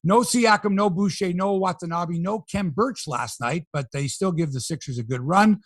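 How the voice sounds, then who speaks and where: A man's voice: high voice, normal speed, no echo, clean studio sound. A man hosting a sports podcast, running through scores and riffing jokingly on the headlines in a casual chat.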